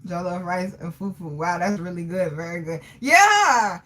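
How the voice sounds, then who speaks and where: A woman's voice: on the low side, animated, unhurried, sharp tone. A woman hosting a casual livestream, teasing her chat and laughing often. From Portsmouth, Virginia, US. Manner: teasing, laughs often, frequent 'okay?' tags. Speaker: livestream host.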